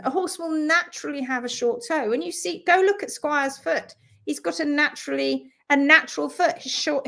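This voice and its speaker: A woman's voice: high voice, creaky. A woman hosting a live stream, chatting casually as she greets viewers and reads out their comments. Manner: lively and talkative, with quick asides. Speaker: host of a live stream on hoof care.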